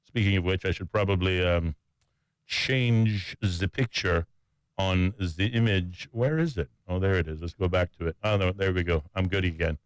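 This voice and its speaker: Smooth, low-voiced radio host man. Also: normal speed, no room sound. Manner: chatty, joking and self-mocking. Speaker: radio talk show host. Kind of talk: casual radio hosting. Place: radio studio.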